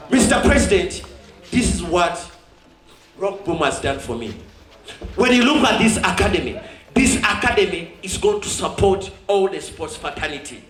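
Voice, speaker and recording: Exuberant Ugandan man, high bright voice. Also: lively intonation, normal speed. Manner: exuberant, laughing often, mixing in Swahili. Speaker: sports champion giving a thank-you speech. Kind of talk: public speech at a ceremony. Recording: roomy echo.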